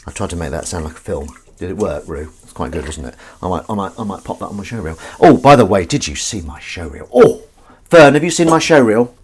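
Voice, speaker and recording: A man's voice: low voice, fast talker, hardly any pauses, darkish tone, husky. A man hosting a casual home live stream, chatting to viewers and his cat while washing up in his kitchen. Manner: rambling, chatty, talks to viewers and his cat, sings little tunes.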